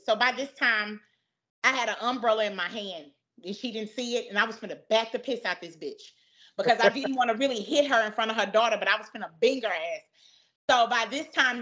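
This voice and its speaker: High bright-voiced profane storyteller. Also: female voice, a little fast. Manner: profane, dramatic storyteller who acts out both sides of arguments. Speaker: podcast guest. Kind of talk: animated storytelling in casual chat. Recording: muffled lo-fi podcast audio.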